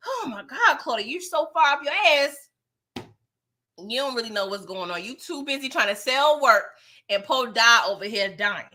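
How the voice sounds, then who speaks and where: A woman recapping TV episodes in casual, slangy commentary, animated and sassy, swearing freely. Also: fairly high pitch, normal speed. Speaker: show reviewer.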